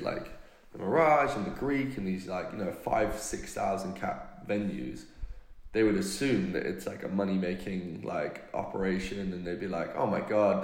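A man's voice: fairly low pitch, darkish tone. A man with a British accent, a touring DJ and musician, chatting loosely in an interview with lots of fillers. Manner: loose storytelling, many fillers, laughs often. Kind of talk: casual interview chat. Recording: roomy echo.

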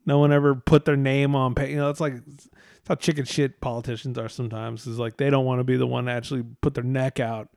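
A man's voice: medium pitch, level tone, quick pace, creaky, a little mellow, smooth, dry recording, studio quality. A man talking casually in a rambling way, swearing a lot and full of fillers, sounding tired. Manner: rambling, profane, frequent fillers.

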